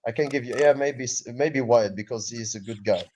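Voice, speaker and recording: A man's voice: medium pitch, normal speed, darkish tone, a little hiss or hum. A man from Britain, arguing indignantly as a caller in a heated live online debate, often cutting in. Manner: exasperated, indignant, interjects often. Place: online call.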